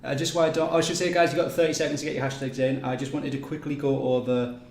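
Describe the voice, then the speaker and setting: A man's voice: mid-range voice, little pitch movement, quick pace. A man hosting a game live stream, running through upcoming events in a loose, chatty way with plenty of ums and restarts. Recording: echoey room with faint noise.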